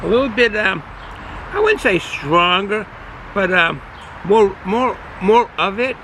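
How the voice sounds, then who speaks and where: A man giving a casual beer review outdoors, pausing and searching for his words. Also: sits high, big pitch swings, pushed and bright, slight background noise, poor audio. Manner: halting, searching for words, fillers.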